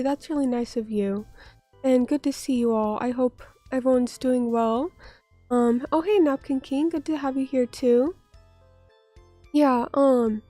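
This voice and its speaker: High, mellow-voiced woman streamer, still sick. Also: dry recording. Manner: chatty, self-deprecating, swears casually. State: still sick, recovering from illness. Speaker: vtuber streamer. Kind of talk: casual livestream chat, reading viewer comments aloud.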